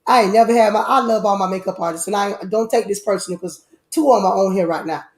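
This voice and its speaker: A woman hosting a casual live-stream chat, animated, with loud outbursts and a lot of repeating herself. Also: medium pitch, quick pace. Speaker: host. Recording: echoey room.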